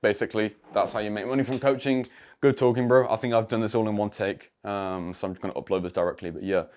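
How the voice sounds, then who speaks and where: A man's voice: lowish voice, fairly even intonation, quick pace, a little mellow. A teenage man, giving a rambling, blunt screen-share tutorial on coaching, full of slang and swearing. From England. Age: teens. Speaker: online coaching creator. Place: indoor room lit by a projector.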